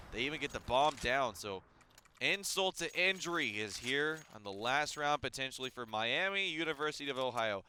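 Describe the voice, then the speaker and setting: A man calling live esports play-by-play, excitable and quick, with jokey asides. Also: medium pitch, a little hiss or hum.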